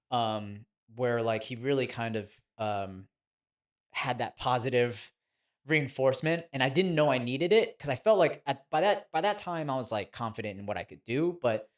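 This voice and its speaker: A man in his thirties, a podcast guest, telling stories in a chatty, animated way and laughing as he goes. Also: mid-range voice. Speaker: guest, former child actor turned boxing trainer. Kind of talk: casual podcast storytelling.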